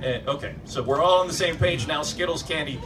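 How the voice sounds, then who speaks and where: A man doing stand-up in a live club, his sardonic, profane rant heard from some way off the mic. His voice sits a little high for a man, and room noise stays clearly audible under his jokes. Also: fairly quick, far from the mic. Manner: sardonic, profane ranting with rhetorical questions to the crowd. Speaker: stand-up comedian. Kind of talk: stand-up comedy set. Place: live comedy club stage.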